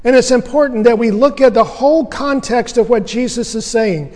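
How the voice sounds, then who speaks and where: A man's voice: extremely high pitch, moderate pace, a little mellow, in a large hall. A man preaching a sermon as pastor, earnest and emphatic, asking rhetorical questions.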